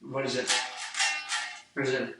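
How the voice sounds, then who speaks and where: A man's voice: medium pitch, little pitch movement, unhurried, distant mic. A man in his twenties, a singer and guitarist, chatting to camera in a rambling, self-interrupting, joking way. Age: 20s. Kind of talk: casual chat to camera. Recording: echoey room, away from mic, faint music.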